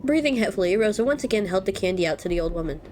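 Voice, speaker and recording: A young woman reading a visual novel aloud as a let's-play host, breaking off with loud reactions. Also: mid-range voice, very fast, a little hiss or hum. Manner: expressive, reacts loudly.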